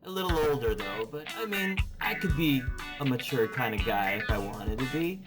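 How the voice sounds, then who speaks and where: A man's voice: mid-range voice, animated, over music, lightly acted. A man playing a chatty, easygoing young male guitarist in a tabletop role-play, rambling with lots of fillers. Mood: relaxed. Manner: casual, rambling, drawn-out filler words. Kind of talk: tabletop role-play over phone call.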